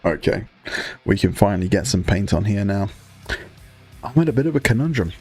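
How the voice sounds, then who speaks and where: Guy on a hobby stream, low gravelly voice, sweary and jokey, faint music behind. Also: lively intonation, brisk, a little mellow. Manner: joking, sweary, chatty with chat. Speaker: livestream host. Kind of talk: casual livestream chat while painting miniatures.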